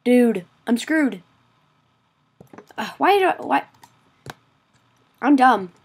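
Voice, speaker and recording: Excitable high-voiced woman narrating gameplay. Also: slow, slightly rough. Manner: excitable, exclaiming, self-mocking. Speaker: gaming video creator. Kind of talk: casual gameplay commentary.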